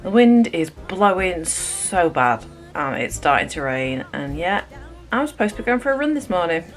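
A woman's voice: on the low side, sing-song, moderate pace. British woman vlogger, casual home-vlog chatter to camera, faint background music. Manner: chatty, talking straight to viewers.

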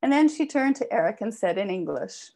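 A woman author reading a personal memoir aloud with expressive delivery. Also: medium pitch, a little fast. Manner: expressive reading, raises voice for quoted shouts. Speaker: author reading her work.

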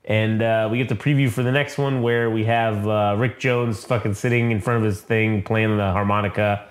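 A man's voice: fairly low pitch, fairly even intonation, moderate pace. A man co-hosting a casual comic book review podcast, talking in a loose, rambling and profane way. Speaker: podcast co-host.

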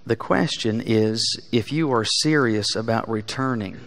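A man preaching a sermon in a church, speaking earnestly and building to emphatic peaks before dropping quiet. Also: on the low side, a little slow, vocal fry. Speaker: pastor. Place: church sanctuary.

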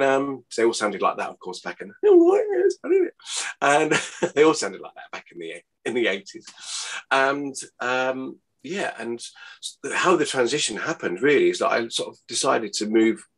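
A man, rambling and laughing as he chats in an interview, his voice not yet warmed up. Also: lowish voice. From Hertfordshire, England. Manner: rambling, chatty, laughs often, says mate. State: voice not warmed up, early morning. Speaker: impressionist guest. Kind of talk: casual interview chat.

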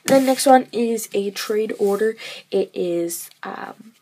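Speaking slowly in a mellow, mid-range voice, a weary teenage girl presents the duct tape wallets she made, rambling with lots of fillers and letting sentences trail away. The vlog recording is low quality, with slight background noise.

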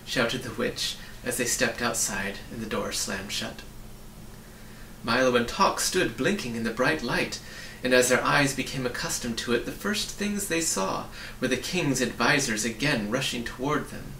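A man reading a children's book aloud in an expressive, storytelling manner. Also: medium pitch, moderate pace, vocal fry. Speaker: storybook reader. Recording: roomy, distant mic, faint hiss.

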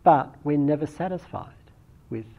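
A middle-aged man giving a reflective, unhurried dharma talk as a meditation teacher, often restarting his phrases. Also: fairly high pitch. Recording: dull lo-fi recording.

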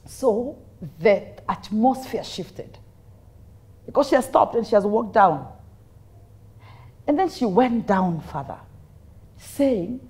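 A woman with a Kenyan accent tells her faith story as an interview guest. Her pitch sits in the middle and swings widely as she builds the drama. She slips Swahili phrases into her telling. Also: animated, slow, long pauses, a little mellow. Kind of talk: personal faith testimony in an interview.

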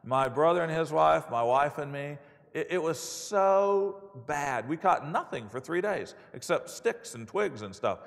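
A man preaching a sermon, telling stories in an animated way and acting out the quotes. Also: fairly high pitch, moderate pace, creaky, hardly any pauses. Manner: animated storytelling with acted-out quotes. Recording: long hall reverb.

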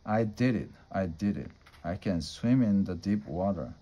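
A man's voice: sits low, measured pace, mellow, dull audio. A man reading as a young boy learning to swim. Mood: excited.

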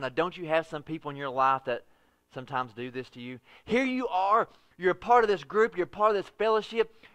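A man preaching a sermon as pastor, swinging from loud high exclamations to low quiet lines. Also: dry recording. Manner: preaching with wide swings in pitch and loudness.

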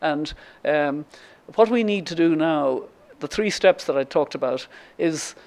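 Low-pitched and a little mellow, her voice is animated though a little slow. She is an Irish woman in her seventies, a guest speaker whose lecture includes a story told with many ums and restarts.

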